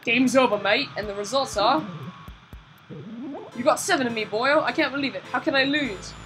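A woman voicing a smug male ghost who collects jars and taunts the player, in a mock rough accent. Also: a little high, normal speed, a bit bright, a little hiss or hum, natural voice, low-quality recording. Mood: sulky.

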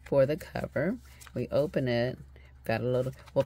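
A woman's voice: rumbling low, moderate pace, warm tone. A woman hosting a crafting video, chatting casually as she shows her journal and thinks aloud with fillers, sounding tired and yawning.

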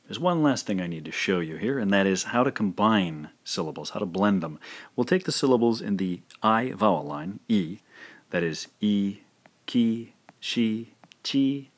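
A man teaching a language lesson, carefully pronouncing syllables one by one in a scripted instructional narration. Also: fairly low pitch. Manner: slow, careful syllable-by-syllable pronunciation drills.

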